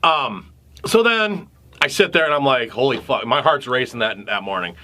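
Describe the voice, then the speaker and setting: Bright-voiced man telling a heated story. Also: mid-range voice, normal speed. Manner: animated, profane storytelling. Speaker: podcast co-host. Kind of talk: casual chat.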